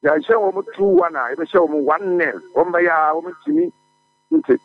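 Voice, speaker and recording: Eager Ghanaian caller on a distant phone. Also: male voice, high-pitched, wildly swooping pitch, fairly quick, vocal fry, faint music behind. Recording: distant tinny phone line.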